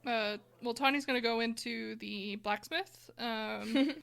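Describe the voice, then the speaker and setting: Bright-voiced woman playing a tabletop game. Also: on the high side, measured pace, vocal fry. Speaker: player. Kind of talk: casual tabletop play.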